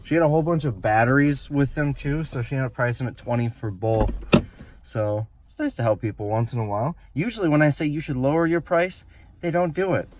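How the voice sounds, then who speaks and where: A man's voice: medium pitch, brisk, slight background noise. Chatty self-mocking man vlogging. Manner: chatty, self-mocking, jumps between excitement and asides. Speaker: reseller vlogger. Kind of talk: casual vlog talk to camera. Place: in his car and at outdoor garage sales.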